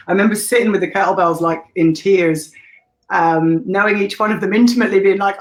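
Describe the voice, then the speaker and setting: A woman's voice: mid-range voice, fairly even intonation, brisk, poor audio. An Irish woman in her thirties, a guest telling stories in a candid, casual way, swearing freely and laughing often. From Ireland. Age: 30s. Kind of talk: casual interview storytelling.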